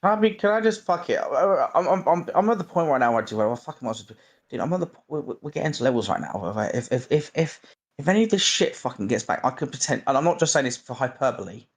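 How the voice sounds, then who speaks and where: A man's voice: mid-range voice, animated, fast talker. A man on a phone call, crying and stammering frantically, swearing as he talks. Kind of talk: distressed call.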